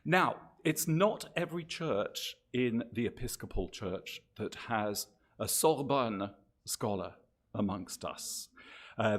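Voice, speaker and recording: A man hosting a live-streamed church event, talking in a chatty, hesitant way with frequent restarts. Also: medium pitch. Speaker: host. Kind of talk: casual live-stream introduction.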